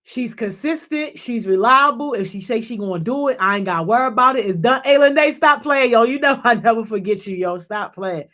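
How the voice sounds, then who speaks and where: An energetic youth leader talks loosely to the group, dropping "yo" into nearly every sentence and circling back over the same words. The voice sits at a middling pitch. It jumps up in pitch and volume when someone is called out by name. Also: brisk, few pauses. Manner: peppers speech with "yo", repeats and restarts phrases. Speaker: youth program leader hosting a group call. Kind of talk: casual shout-outs and encouragement.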